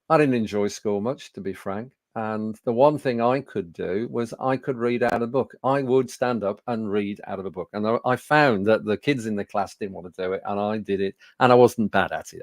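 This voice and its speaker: A man's voice: fairly low pitch, no room sound. Brummie man in his sixties telling stories. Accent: Birmingham. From Birmingham, England. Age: 60s. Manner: anecdotal, self-deprecating, lively storytelling with fillers. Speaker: public speaking coach. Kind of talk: talk to a studio audience.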